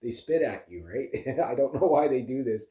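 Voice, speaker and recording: A man's voice: medium pitch, animated, moderate pace, dark tone, roomy sound. A man from Canada telling rambling farm stories as a vlogger, chatty and laughing often, with lots of fillers. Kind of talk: casual rambling storytelling.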